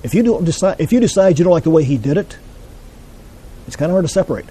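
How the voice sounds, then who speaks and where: Man, Bible class teacher, husky, mellow, measured explaining, asks questions. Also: on the high side, expressive, poor audio.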